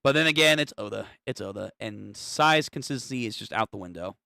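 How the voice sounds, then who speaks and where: A young man streamer reacts live to a manga chapter, swearing casually as he goes. His voice is bright and swings up and down a lot. The sound is close and dry. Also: on the low side, animated, brisk, vocal fry, no room sound. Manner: casual and profane, reacting out loud.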